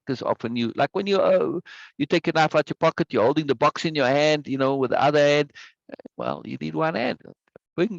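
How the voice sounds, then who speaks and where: A middle-aged course instructor teaches online, telling stories emphatically and frequently checking in with "right?". His mid-range voice is gravelly with no echo, picked up by a video call mic as dull, lo-fi meeting audio.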